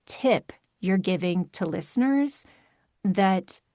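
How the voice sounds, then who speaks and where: Casting note: American woman, audiobook narrator guest, animated and chatty, dry close sound. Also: mid-range voice, no room sound. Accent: General American. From Maryland, USA. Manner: chatty, animated, quick asides. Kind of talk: casual interview chat.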